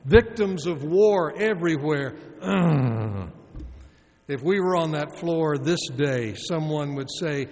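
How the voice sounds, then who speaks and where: Slow-preaching man in an echoing church. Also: a little high, expressive, a little mellow. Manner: slow, measured preaching with long sighing pauses. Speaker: pastor. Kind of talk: sermon. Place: church sanctuary. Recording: long reverb of a large church.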